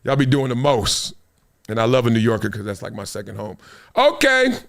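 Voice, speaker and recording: A man's voice: lowish voice, fast talker, gravelly. A fifty-year-old man hosting a podcast, telling slangy stories, acting out the voices in them and laughing often. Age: 50s. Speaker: podcast host. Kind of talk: animated storytelling.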